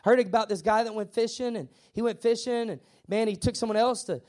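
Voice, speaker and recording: A man preaching to his congregation in a high voice. He drives his points home with repetition and emphasis. Now and then he stammers through playful acted asides. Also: fast talker, a little mellow. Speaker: pastor. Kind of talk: sermon.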